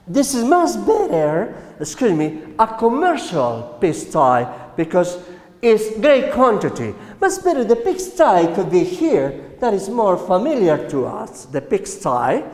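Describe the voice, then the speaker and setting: A man with a Colombian Spanish accent, a native Spanish speaker, teaching a slow classroom English lesson and often checking with "right?". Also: sits high, darkish tone. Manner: slow, repeats words and asks "right?". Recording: echoey room with long reverb.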